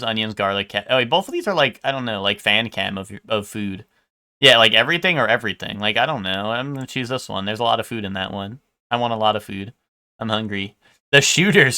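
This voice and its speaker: Streaming live, a man with a lowish, pushed, bright and clean voice chats casually with his audience. He's hesitant at times and trips over food names he doesn't know, which are foreign words to him.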